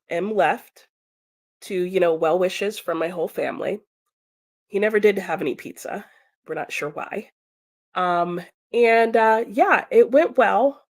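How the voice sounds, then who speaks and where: Animated woman telling a story. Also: mid-range voice, a little slow. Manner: animated, acts out quoted voices. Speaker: streamer hosting reading sprints. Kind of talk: casual storytelling.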